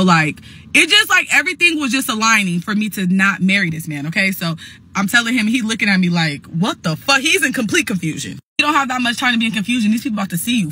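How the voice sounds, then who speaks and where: A woman's voice: mid-range voice, bright, forceful tone, husky. A young adult woman telling a heated storytime, blunt, profane and emphatic. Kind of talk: casual storytime monologue.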